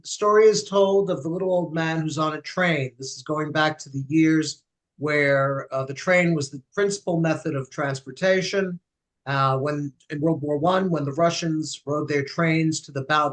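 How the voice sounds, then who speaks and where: A man's voice: fairly high pitch, a bit bright. A man leading a Friday night service in a synagogue, telling an old joke in a chatty, joking way. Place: synagogue sanctuary.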